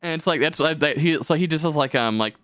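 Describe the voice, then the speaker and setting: Bright, rambling young man in casual chat. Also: fairly high pitch, fast, no echo. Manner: rambling, profane, jumps into mocking voices. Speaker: podcast host.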